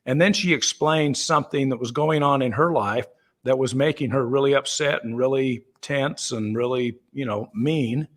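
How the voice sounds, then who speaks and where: A man's voice: mid-range voice, normal speed. A man founder explaining things in a conversational call, easygoing and chatty, with fillers and restarts. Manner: acts out everyday dialogue in the voices of the people in his examples. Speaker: company founder answering questions.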